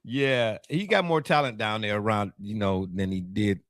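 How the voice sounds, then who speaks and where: A man hosting a casual sports talk show, animated and teasing, laughing often. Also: fairly low pitch, moderate pace, no room sound, studio quality.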